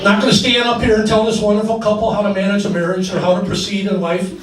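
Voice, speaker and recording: A man's voice: high-pitched, little pitch movement, fast talker. Man in his sixties giving an emotional wedding speech. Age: 60s. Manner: joking, emotional, chokes up. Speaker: father of the bride. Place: wedding reception hall. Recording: echoey hall, distant mic, noisy.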